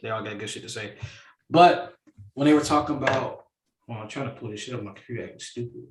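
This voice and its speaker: A man's voice: medium pitch, quick pace. A man hosting a casual reaction discussion, talking emphatically and acting out quotes. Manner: animated, emphatic, acts out quotes. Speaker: host.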